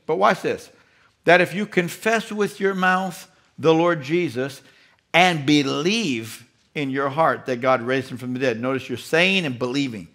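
A male pastor delivering a sermon with a fairly high voice. He leans hard on key phrases, says them again, and throws questions out to the congregation. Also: fairly bright tone.

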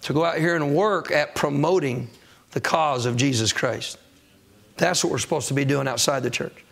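In a church sanctuary, a pastor preaches at a normal speed, calling out to the congregation for responses and playing out people's excuses. His voice is a little high, creaky, and fairly bright in tone.

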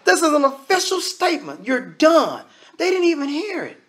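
A man's voice: very high voice, very animated, normal speed, a bit bright. A man preaching a sermon in a conversational way, often acting out the voices of the people he quotes.

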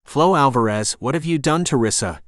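A man's voice: mid-range voice, sing-song, moderate pace, fairly bright tone, no echo, studio quality. A man doing a blunt shifter detective. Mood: confrontational. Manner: blunt, confrontational. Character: tough young male shifter detective.

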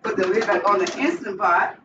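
A man's voice: high-pitched, fairly quick. A man hosting a casual home cooking vlog in his kitchen, gushing and exclaiming about the food as he goes. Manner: gushing, exclamatory, keeps saying how excited he is. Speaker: home cook channel host. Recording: echoey kitchen, distant, dull and noisy.

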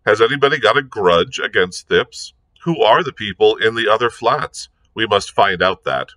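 A man reading aloud and voicing a jaunty, excitable aristocratic gentleman detective, full of exclamatory upper-class banter. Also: on the low side, no room sound, full character voice, poor audio. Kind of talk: read-aloud novel dialogue.

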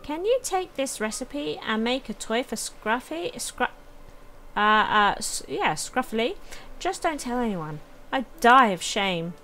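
A self-conscious young toymaker from a cosy game, who apologizes easily, as a woman does the voice. The voice is lifted in pitch, bright and lively, and moves quickly up and down. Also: a little hiss or hum, heavily acted. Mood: sheepish.

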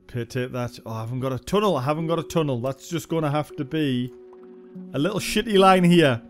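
A man's voice: a little high, fairly quick, faint music behind. A young man giving casual, sweary gameplay commentary, thinking aloud as he plays. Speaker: game reviewer.

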